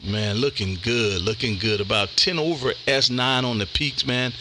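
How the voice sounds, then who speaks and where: A man's voice: mid-range voice, moderate pace, background noise. A man, a ham radio operator chatting casually on air and calling CQ, laid-back and saying "man" a lot. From Texas. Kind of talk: casual radio chat and CQ calls.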